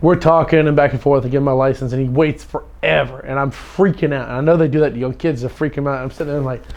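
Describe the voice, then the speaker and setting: A man's voice: mid-range voice, fairly even intonation, fast, darkish tone. A man casually telling a story, laughing often and repeating words as he goes. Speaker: storyteller guest.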